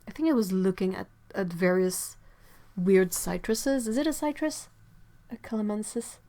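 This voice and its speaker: A young woman with a stuffy nose chats away on a livestream from her home art studio. Her voice sits at an ordinary middle pitch, and she giggles often and drifts into quiet asides between reading out viewer comments. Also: expressive, normal speed. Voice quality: chatty, giggly, trails off into soft asides. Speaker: livestream host.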